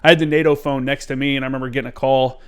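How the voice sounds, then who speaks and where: A man hosting a podcast, telling stories in an animated, casual way and swearing freely. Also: mid-range voice, racing, clear, resonant tone. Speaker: podcast host. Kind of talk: casual conversation.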